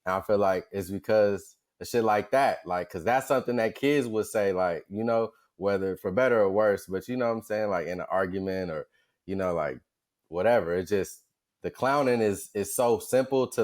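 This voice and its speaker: Laid-back low-voiced podcast man. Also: normal speed, a little mellow. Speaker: podcast co-host. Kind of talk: casual chat.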